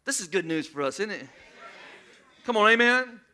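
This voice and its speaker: A middle-aged man preaching a sermon as pastor, impassioned, shouting at times and calling for responses from the congregation. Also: high-pitched, lively intonation, moderate pace, soft background music.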